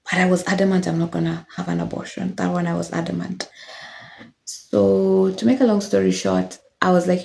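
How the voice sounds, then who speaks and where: Her voice is fairly low and gravelly, delivered flatly at a normal pace. In this vlog testimony, the young woman reflects casually and candidly on her life story, breaking it up with gentle laughs and fillers.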